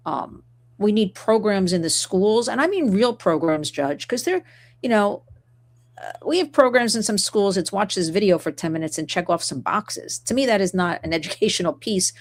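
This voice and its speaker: A woman hosting an interview, passionate and talking in quick bursts that jump from point to point. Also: medium pitch, animated. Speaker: host. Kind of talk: conversational interview.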